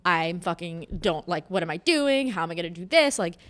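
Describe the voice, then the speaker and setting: A woman's voice: on the low side, animated, brisk, a bit bright. A young adult woman co-hosting a casual podcast chat, blunt and swearing freely. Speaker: podcast co-host.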